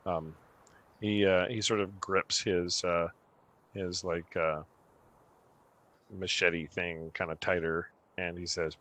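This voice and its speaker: A man's voice: deep voice, level tone, slow pace, pauses often, bright, forceful tone. A young man narrating a tabletop game as game master, rambling with many fillers.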